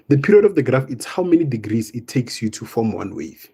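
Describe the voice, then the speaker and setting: A young man teaching math in a live online exam revision lesson, casual and step by step, often tagging on "right?" and "boom". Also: sing-song, fairly quick, mellow, husky. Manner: explains step by step, coaxing students.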